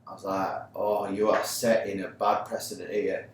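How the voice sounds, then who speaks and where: An English man chats casually on a sports podcast. He tells his stories with lively back-and-forth, putting on the voices of the people in them. The sound is very echoey and distant, with faint room noise behind him. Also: low-pitched, normal speed. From England. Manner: animated storytelling, acting out both sides of an argument. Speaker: podcast co-host. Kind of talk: casual chat.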